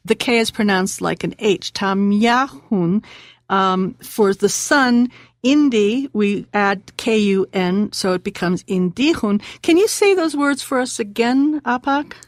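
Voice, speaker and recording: Female language teacher on radio, slightly high and dry-sounding, patient and repetitive. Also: no echo. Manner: patient teacher, slows and repeats words. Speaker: language lesson host.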